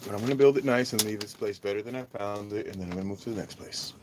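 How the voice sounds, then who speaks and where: A man's voice: fairly low pitch, very fast, noisy background. A man chatting casually on a livestream outdoors, rambling with lots of fillers. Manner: rambling, filler-heavy talk. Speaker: vlogger livestreaming from a desert camp. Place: outdoors at a desert skate park camp.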